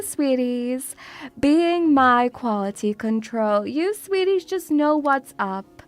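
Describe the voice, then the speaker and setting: A VTuber with a high voice streams casually, bubbly and teasing, calling her viewers pet names. There's no echo on the audio.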